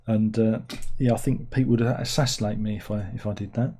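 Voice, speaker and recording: A man's voice: fairly low pitch, fairly even intonation, a little fast, warm tone, breathy edge. A man hosting a casual livestream, ranting sarcastically and rambling about films. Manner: sarcastic, rambling, mocks with put-on plummy voices. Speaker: livestream host. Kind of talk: casual film rant.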